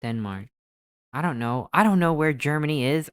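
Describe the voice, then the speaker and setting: A streamer giving excitable live gameplay commentary, thinking aloud while guessing and swearing often. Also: mid-range voice, moderate pace, smooth, dry recording.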